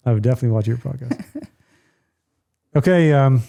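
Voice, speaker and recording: Guy hosting a home podcast, talks fast, blunt n jokey. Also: mid-range voice, creaky, mellow. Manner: ranting, blunt, joking. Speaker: podcast host. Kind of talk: casual podcast chat.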